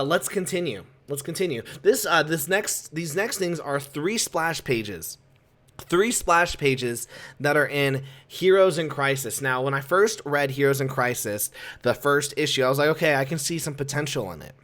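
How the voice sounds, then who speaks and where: A young man with a slightly raised voice reviews comics in casual commentary. He rants in an animated, exasperated way. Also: a little high.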